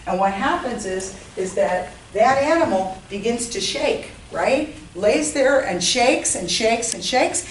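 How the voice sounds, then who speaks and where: A woman giving an informal lecture on health to a class, often checking in with her listeners. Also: a little high. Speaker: health educator. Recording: roomy, distant mic, faint noise.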